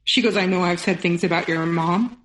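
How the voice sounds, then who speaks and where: On a low-quality recording with an echoey room and a bit of hiss or hum, a woman speaks in a lowish, slightly bright voice. She's a podcast guest in her thirties, emotionally recounting a personal story and swiftly acting out others' words.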